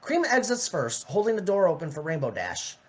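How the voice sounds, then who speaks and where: A woman's voice: fairly low pitch, very animated, fairly quick, darkish tone, slightly rough. A woman narrating a fan voice-acting dub in a casual, matter-of-fact way. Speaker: narrator and voice actor.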